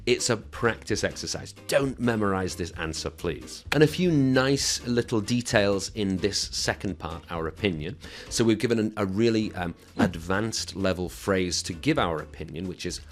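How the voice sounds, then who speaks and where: A man's voice: sits low, normal speed, soft background music. A man teaching English exam speaking skills, explaining a sample answer in an encouraging, instructive way and checking in with his listeners.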